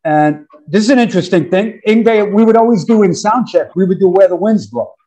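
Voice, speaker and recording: A man in his fifties from New York, an interview guest telling animated, slangy stories about his career with frequent laughs. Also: sits high, a little fast, rough recording. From New York, USA. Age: 50s. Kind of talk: casual storytelling interview.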